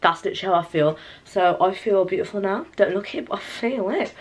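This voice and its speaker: A woman's voice: medium pitch, fairly quick. A young woman, chatting casually to camera at home, rambling and playful with asides to her viewers. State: out of breath. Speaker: vlogger. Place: home, indoors.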